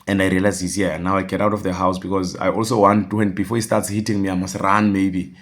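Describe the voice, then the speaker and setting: A man's voice: low-pitched, level tone, quick pace. A man telling a personal story, rambling, with restarts and quoted dialogue. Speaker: vlogger.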